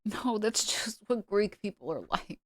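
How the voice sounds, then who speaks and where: A woman's voice: mid-range voice, expressive, measured pace, no echo. Emphatic New York-raised woman streamer. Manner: emphatic, repetitive, swings loud for effect. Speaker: streamer reacting to clips. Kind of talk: casual stream commentary.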